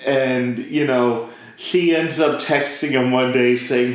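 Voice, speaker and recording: A man's voice: medium pitch, flat delivery, measured pace. A man chatting casually about a show he likes, laughing often and acting out the characters' lines. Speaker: podcast co-host. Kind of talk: casual anime review chat. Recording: echoey room.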